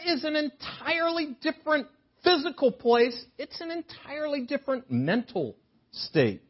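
A man's voice: very high-pitched, sing-song, normal speed, muffled recording. An older man preaching a sermon in a chapel, joking with the congregation. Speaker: guest preacher. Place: chapel sanctuary.

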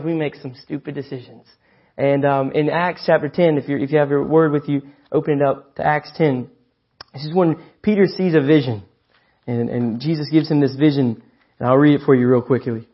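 An earnest young man delivers a sermon in a slightly raised voice, leaning hard into the words he wants to land. The recording is somewhat dull and lo-fi. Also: on the high side. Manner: earnest, emphatic, rises to loud stresses. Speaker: preacher.

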